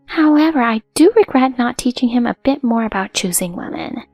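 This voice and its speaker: A woman's voice: high-pitched, lively intonation, normal speed, no echo, voice pushed up. A woman playing a haughty mother-in-law. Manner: proud and sharp-tongued. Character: haughty, snobbish middle-aged mother-in-law. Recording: dry with soft music behind.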